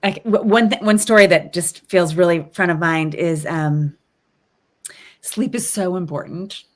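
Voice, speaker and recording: Her voice is lowish and her pace measured. She's a resilience expert on a podcast, explaining ideas in a thoughtful, coaching manner during a casual interview, often saying um and asking a rhetorical "right?".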